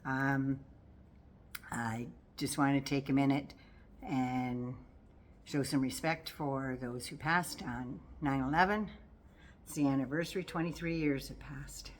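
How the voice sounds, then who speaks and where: A woman's voice: a bass voice, steady tone, slow, pauses often, a little hiss or hum. An older woman giving casual, folksy political commentary to her viewers in a sassy, teasing way.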